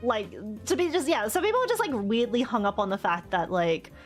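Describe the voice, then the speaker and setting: Giggly British woman streamer, high and very animated, crude casual banter. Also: fairly quick, faint music behind. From Britain. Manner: giggly, breaks into frequent laughter; playful and crude, swears casually. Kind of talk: casual livestream chat.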